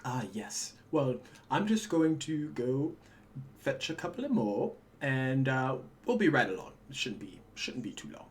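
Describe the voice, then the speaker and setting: A man's voice: medium pitch, big pitch swings, slow, slight background noise. Man doing Davik, a shifty guard officer. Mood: evasive. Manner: conspiratorial, hedging. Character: scheming male guard officer, evasive.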